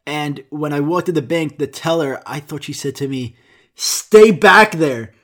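A man's voice: on the high side, fairly even intonation, moderate pace. Rambling, profane young American man. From United States. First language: Greek. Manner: rambling, profane, self-mocking. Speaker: vlogger. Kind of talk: casual storytelling monologue.

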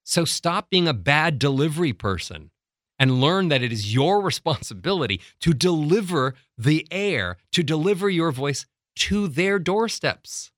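A middle-aged man working as a voice coach, teaching breathing with lively, acted-out examples. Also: on the high side, dry recording, studio quality. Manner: animated, acts out little scenes and demonstrates breathing. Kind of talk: instructional talk with acted examples.

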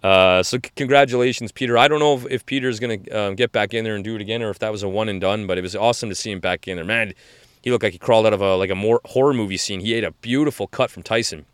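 A man's voice: lowish voice, racing, clear, resonant tone, no room sound. A man in his forties hosting a podcast, recapping fights in a rambling, enthusiastic way full of restarts. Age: 40s. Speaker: podcast host. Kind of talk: casual fight-recap chat.

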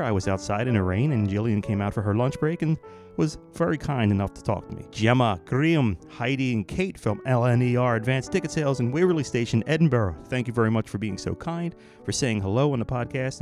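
Give me an upbeat, chatty man as a podcast host with a mid-range voice, soft music behind him. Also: medium pitch. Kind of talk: solo podcast shout-outs and thank-yous.

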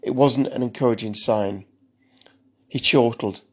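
A man's voice: fairly low pitch, fairly even intonation, a little slow. Man narrating a tense thriller.

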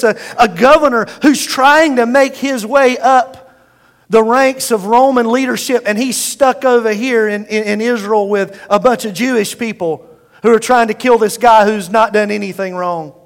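A man's voice: very high-pitched, long reverb tail. A male pastor preaching a sermon with emphatic delivery, calling out to the congregation for responses.

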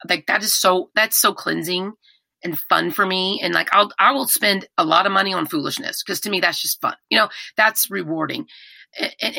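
This middle-aged podcast guest has a creaky, medium-pitched voice, recorded with no room sound. She talks about difficult personal things candidly and animatedly, with many restarts.

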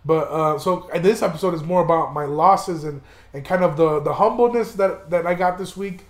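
A man's voice: fairly high pitch, normal speed, echoey room. A young man hosting a podcast, talking casually and somberly, rambling with many restarts and plenty of swearing. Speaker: podcast host.

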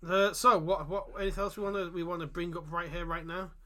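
A man's voice: sits high, fairly even intonation, fast talker, bright, forceful tone. A young English man co-hosting a podcast, bantering crudely and laughing a lot. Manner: crude, jokey, laughs often. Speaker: podcast co-host. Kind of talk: casual banter.

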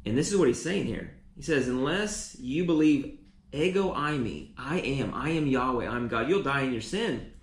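A man's voice: medium pitch, animated, normal speed, echoey room. A man preaching a teaching sermon, often repeating and restarting words.

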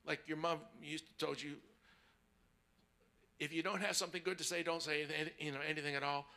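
A man preaching as a guest speaker, telling a personal story. He drops to hushed, near-whispered tones and then rises to emphatic preaching, often repeating words as he goes. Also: on the high side, fairly even intonation, fairly quick, pauses often.

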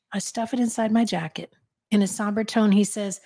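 A woman co-hosting a podcast, reading a novel chapter aloud and then discussing it in a measured, thoughtful way. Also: mid-range voice, dark tone, husky, no room sound, studio quality. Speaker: podcast co-host and reader.

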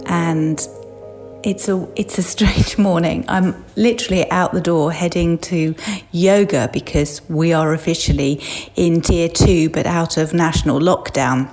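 A woman's voice: lowish voice, fairly even intonation, measured pace, a little mellow, soft background music. A middle-aged English woman keeping a casual spoken diary, chatty and emotional, sighing and laughing between thoughts. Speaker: florist keeping an audio diary. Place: at home and in a van.

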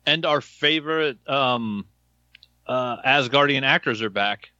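A man co-hosting a casual podcast chat, his voice bright and forceful as he tells stories with enthusiasm. The sound is close and dry, slightly dull in its highs. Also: measured pace, no echo. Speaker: podcast co-host.

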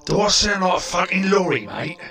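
A man's voice: sits high, big pitch swings, moderate pace, sharp tone, echoey room, far from the mic, soft background music, full character voice. A man voicing a scornful, foul-mouthed male God with a British accent. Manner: crude, insulting.

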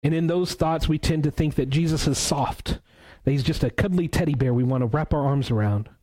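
Male pastor, warm mellow tone, earnest preacher who repeats words for emphasis. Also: a little high, low-quality recording. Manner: reads scripture aloud slowly. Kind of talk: sermon.

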